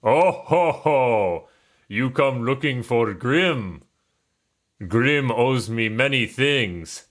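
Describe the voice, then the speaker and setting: A man voicing a booming, pompous yule spirit who holds a captive, in a put-on Russian accent. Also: slow, pushed and bright.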